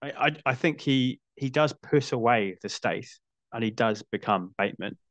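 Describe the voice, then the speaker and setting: A man's voice: medium pitch, normal speed, no room sound. A middle-aged man hosting a casual film chat, thinking aloud and restarting his sentences. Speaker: podcast host.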